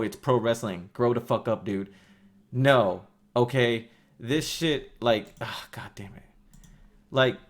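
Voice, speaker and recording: A man in the middle of a heated rant, swearing at almost every turn. His voice sits at an ordinary middle pitch. He keeps slipping into sarcastic, mocking put-on quotes of the people he is angry at. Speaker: wrestling vlogger.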